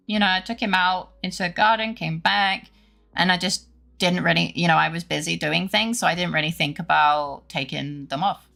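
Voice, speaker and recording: Gravelly-voiced woman streamer chatting. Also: lowish voice, normal speed, bright, forceful tone. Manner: rambling, self-conscious, laughs often. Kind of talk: casual chat with stream viewers.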